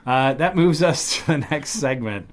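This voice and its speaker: Man, podcast co-host, casual chat, animated, swears freely. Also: mid-range voice, a little slow. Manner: animated, swears freely, goofy mock accents.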